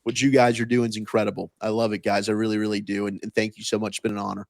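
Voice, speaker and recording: A man's voice: fairly low pitch, little pitch movement, very fast, vocal fry, dry recording. An American man, a sports radio host, chatting casually as a podcast guest with lots of fillers and restarts. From United States. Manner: talkative, frequent restarts and fillers.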